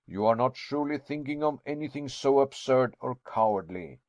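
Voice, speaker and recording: A man doing a booming, lecturing old professor. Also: normal speed, darkish tone, dry recording, lightly acted. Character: confident learned older male professor.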